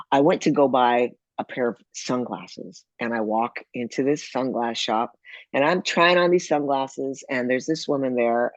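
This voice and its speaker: A man speaking as a podcast guest, telling personal stories in a lively way and acting out the people he quotes. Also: medium pitch, no room sound, lo-fi sound. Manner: animated, acts out quoted people. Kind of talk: conversational storytelling.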